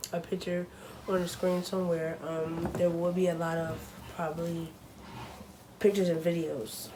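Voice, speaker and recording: A woman's voice: low-pitched, noisy background. A young woman talking casually to her camera at home, chatty and full of fillers, openly nervous. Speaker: vlogger.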